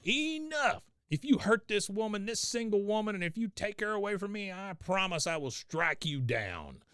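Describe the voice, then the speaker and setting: A man putting on the voice of a mild middle-aged man shouting in a strained, high voice. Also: big pitch swings, moderate pace, clean tone, no echo, clean studio sound. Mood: furious.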